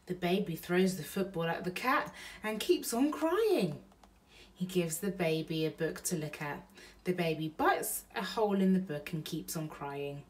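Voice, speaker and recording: A mother reading a bedtime storybook aloud to her baby in a slow, gentle pace. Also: on the low side, lively intonation, recorded from a distance.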